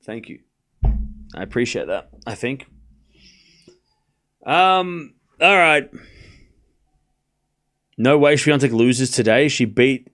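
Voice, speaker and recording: A man's voice: medium pitch, animated, slow pace, long pauses, fairly bright tone. A young man hosting a live tennis watchalong, calling scores and answering chat with joking mock anger. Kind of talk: casual live watchalong commentary, reading chat.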